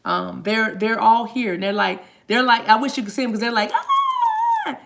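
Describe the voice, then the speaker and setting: A woman's voice: a little high, brisk, vocal fry, a bit bright, a little hiss or hum. Chatty woman giving a tarot reading. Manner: chatty, speaks straight to viewers, spiritual phrasing. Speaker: tarot reader. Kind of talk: live tarot reading to viewers.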